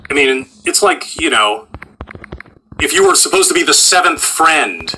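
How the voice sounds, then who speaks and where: A man's voice: fairly high pitch, expressive, measured pace, pushed and bright, a little hiss or hum, rough recording. A middle-aged male voice actor in casual interview chat, a wry, self-deprecating storyteller.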